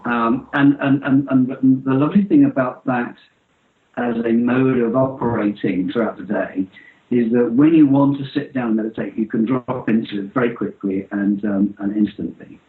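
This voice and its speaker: A middle-aged man talking about meditation in an interview, halting with many fillers and restarts. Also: medium pitch, fairly even intonation. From England. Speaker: interview guest. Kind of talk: spiritual interview talk. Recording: roomy, muffled lo-fi audio.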